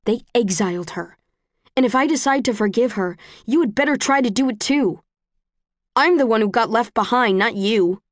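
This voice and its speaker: A woman reading the lines of a guarded young male leader in an audiobook, in a low, clipped, flat way. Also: normal speed, dry recording, studio quality, lightly acted. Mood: curt.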